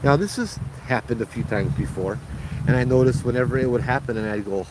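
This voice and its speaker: Man telling a ghost story over loud wind. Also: mid-range voice, fairly quick. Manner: animated, acts out quoted voices. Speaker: ghost tour guide, storyteller.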